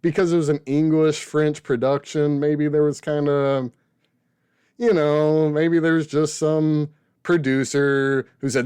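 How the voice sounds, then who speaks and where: A man's voice: a little high, fairly even intonation, unhurried, a little mellow, smooth, no echo, studio quality. A man co-hosting a casual film review podcast, rambling and correcting himself as he talks. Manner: rambling, self-correcting, laughs often. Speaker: podcast co-host film critic.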